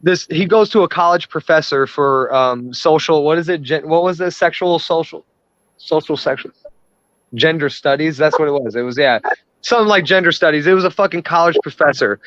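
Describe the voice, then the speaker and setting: A man's voice: on the high side, fairly quick, a bit bright, no echo. A man in casual chat, talking in a profane, worked-up rant. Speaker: podcast host. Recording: dry, dull lo-fi sound.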